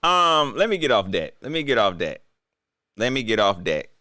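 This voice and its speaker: Animated, incredulous man ranting. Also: mid-range voice, moderate pace, dry recording, clean studio sound. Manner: incredulous, repetitive, joking. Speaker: sports commentator. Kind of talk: casual sports rant.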